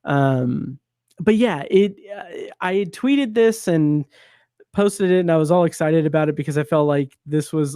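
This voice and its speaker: A man hosting a relaxed film podcast in a somewhat high but mellow voice. He rambles easily from one aside to the next and laughs often. The sound is dry and close. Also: unhurried, clear, resonant tone, dry recording. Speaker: podcast host. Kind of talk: casual film podcast chat.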